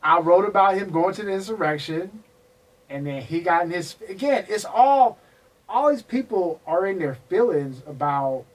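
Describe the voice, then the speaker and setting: A man telling stories in a casual interview, animated and profane, acting out the people he quotes. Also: high voice, normal speed, recorded from a distance, low-quality recording. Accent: Texan. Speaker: guest, MMA historian.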